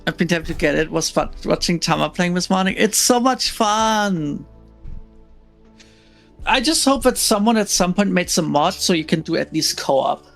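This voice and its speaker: Gravelly, tired-sounding woman streamer. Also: lowish voice, expressive, normal speed, faint music behind. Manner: tired, laid-back, swears casually. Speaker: streamer host. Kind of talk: casual gaming chat.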